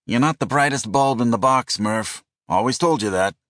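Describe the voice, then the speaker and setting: A man's voice: medium pitch, moderate pace, a bit bright, no echo, studio quality, voice pushed up, close to an everyday voice. Guy voicing a nervy swearing co-pilot, grumbly, audiobook stuff. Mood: grumbling. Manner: jumpy, grumbling. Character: edgy, nervous male co-pilot, profane.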